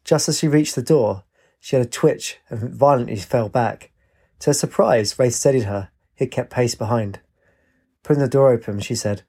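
A man narrating a story aloud at a steady, even pace. His tone is mellow and warm, without sharp edges. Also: medium pitch, normal speed, husky. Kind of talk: storytelling reading.

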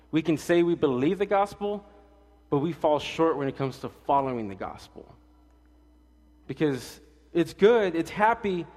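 A male pastor preaching a casual, fast-talking sermon with jokes and stories, swinging between loud emphatic lines and quiet asides. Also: a little high, in a large hall.

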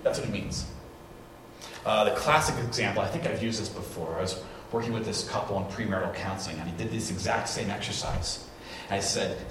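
A man preaching a sermon, animated as he acts out what people said. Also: fairly low pitch, brisk. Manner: animated storytelling, acts out quotes. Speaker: pastor. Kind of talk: sermon with live demonstration. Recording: echoey hall, distant mic, noisy.

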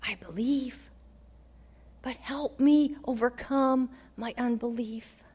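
A woman preaching a sermon, dramatic, swinging from loud declarations to hushed near-whispers. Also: fairly high pitch, takes it slowly, husky.

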